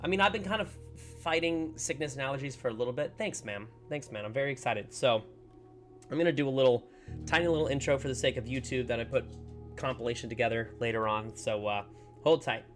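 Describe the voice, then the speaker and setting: A chatty man streaming from his home, speaking at a middle pitch and greeting his viewers by name. He talks loosely and casually, breaking off now and then to fuss over his dogs. Soft music plays faintly behind him. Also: quick pace. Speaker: livestreaming gamer. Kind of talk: casual livestream chat.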